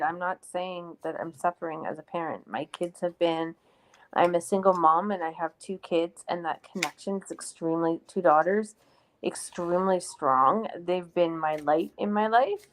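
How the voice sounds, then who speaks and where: A woman's voice: lowish voice, moderate pace. A woman co-hosting a live stream, talking in an earnest, reflective way and answering viewer comments. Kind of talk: casual live-stream chat.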